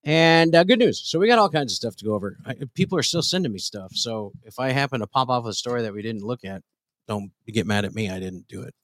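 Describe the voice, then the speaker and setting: A man's voice: mid-range voice, lively intonation, fast, fairly bright tone, a little hiss or hum. A man co-hosting a casual online talk show, teasing his partner and quoting movies. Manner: joking, teasing, quotes movies. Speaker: co-host. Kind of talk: casual banter.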